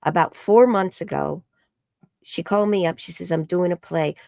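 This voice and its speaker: A woman, an energy healer and psychic, telling a story in an interview and acting out the quoted dialogue in a higher voice. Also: moderate pace, creaky, no room sound, studio quality. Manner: acts out quoted dialogue with high bright voices.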